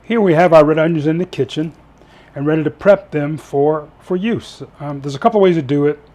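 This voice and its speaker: A middle-aged man hosts a home cooking show, starting in his garden and moving to his kitchen, chatting in a folksy way full of fillers and restarts. His voice is on the high side, fairly quick and mellow, and the recording is rough.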